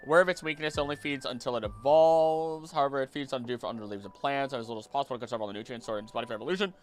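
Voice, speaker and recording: A young man chatting casually on a stream, rambling and excitable, jumping between topics and often restarting his sentences. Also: mid-range voice, very fast, faint music behind. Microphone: desk mic.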